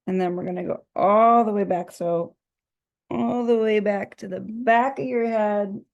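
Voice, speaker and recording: A woman leading a guided breathing and self-massage meditation as the teacher, speaking softly and gently, and laughing easily at her own slips. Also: mid-range voice, a little slow, creaky, muffled recording. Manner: soft, gently guiding, laughs at herself.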